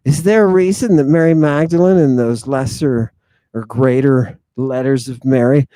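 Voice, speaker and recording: Excitable, rambling man, mellow higher voice. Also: dry recording. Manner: excitable, exclaiming and asking rhetorical questions; sardonic and mocking. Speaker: channel host. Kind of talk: rambling livestream monologue, reading viewer comments.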